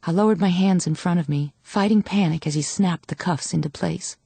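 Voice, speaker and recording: A woman narrating a dramatic audiobook in a measured first-person reading. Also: fairly low pitch, vocal fry, warm tone, breathy edge, dry recording.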